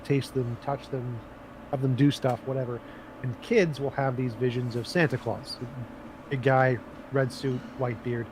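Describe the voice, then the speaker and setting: A male co-host in a casual debate, arguing with rhetorical questions and everyday examples. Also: mid-range voice. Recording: noisy background.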